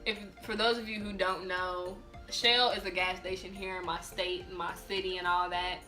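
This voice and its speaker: A young woman telling a personal story in a casual vlog, animated and emphatic, often repeating and restarting her words. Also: lowish voice, moderate pace, faint music behind. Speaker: vlogger.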